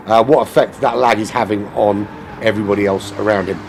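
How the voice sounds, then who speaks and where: A man's voice: lowish voice, steady tone, a little fast, gravelly, slight background noise. Joking man commentating sim racing. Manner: rambling, jokey, swears casually. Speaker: race commentator.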